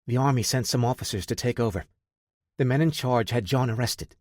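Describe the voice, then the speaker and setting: A man voicing an anxious woman scientist who speaks in a hushed, worried way, in an audiobook. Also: medium pitch, a little fast, no echo, clean studio sound, close to an everyday voice.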